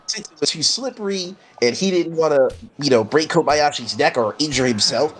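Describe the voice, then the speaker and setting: A man hosting a gaming stream, chatting casually with friends and breaking into excited play-by-play of the match. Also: fairly high pitch, moderate pace, a little hiss or hum. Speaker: streamer and host. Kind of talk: casual gameplay chat and commentary.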